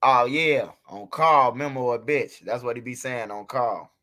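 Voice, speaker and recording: Here a livestream host delivers casual commentary, spinning a story and addressing his chat directly with plenty of profanity. He has a medium-pitched, sharp voice and keeps a measured pace.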